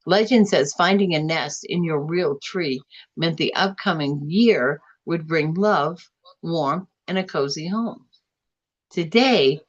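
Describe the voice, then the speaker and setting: A woman hosting a casual live stream, chatting and reading out viewer comments, with a drawn-out, bouncy way of talking. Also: muffled recording. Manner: chatty, drawn-out, swings up and down in pitch.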